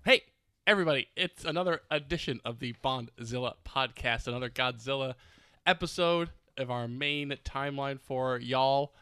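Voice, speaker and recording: A man's voice: medium pitch, moderate pace, sharp tone. A man hosting a podcast in casual chat, talking loosely with many likes and trailing sentences. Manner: loose, filler-heavy, trails off. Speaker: podcast host.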